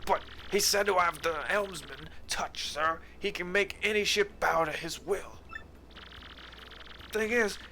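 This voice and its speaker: A man voicing a gruff male bomb-creature sailor who talks in rough, working-class sailor slang. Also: sits high, a little slow, long pauses, bright, forceful tone, a little hiss or hum, exaggerated voice.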